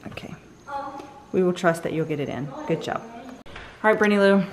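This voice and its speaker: A woman's voice: on the low side, moderate pace. A middle-aged woman and mother chatting casually and upbeat at home for a family vlog, rambling from one thing to the next.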